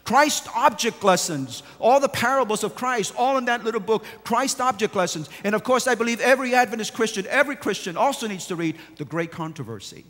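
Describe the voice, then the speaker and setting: Male pastor with a high voice, preaching from a reverberant sanctuary, moving from quiet to forceful. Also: fast, hardly any pauses. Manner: preaching with sweeping swings from hushed to emphatic. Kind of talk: sermon. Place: large church sanctuary. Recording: long church reverb.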